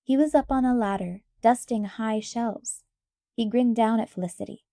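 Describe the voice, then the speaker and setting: A woman reading an audiobook aloud, narrating a children's story in a calm, clear way. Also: on the high side, normal speed, dry recording, clean studio sound. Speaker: audiobook reader.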